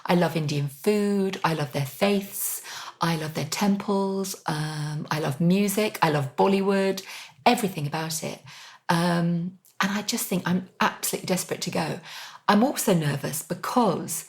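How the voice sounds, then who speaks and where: A woman's voice: on the low side, moderate pace. A middle-aged woman co-hosting a podcast, talking enthusiastically in a casual kitchen-table chat with frequent "um"s. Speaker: podcast co-host.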